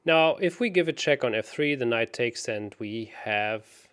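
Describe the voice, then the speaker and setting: A man co-hosting a chess show, working through puzzles out loud in a hesitant, self-mocking way. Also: medium pitch, lively intonation, unhurried, clean tone. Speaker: chess co-host solving puzzles. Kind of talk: casual puzzle-solving chat.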